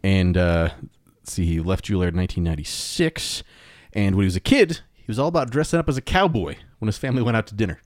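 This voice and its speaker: Low-voiced joking male podcast host. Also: quick pace, dry recording, clean studio sound. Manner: joking, laughs often, reads facts aloud. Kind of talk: casual chat.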